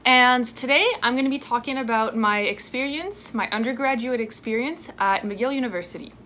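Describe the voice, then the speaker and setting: A young woman from France chats her way through a sit-down vlog, lively and full of asides. Her voice sits fairly high, and a faint hum of a dishwasher runs behind her at home. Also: moderate pace. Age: 20s. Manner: chatty and lively, explaining with asides. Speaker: vlogger. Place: home indoors. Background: dishwasher noise.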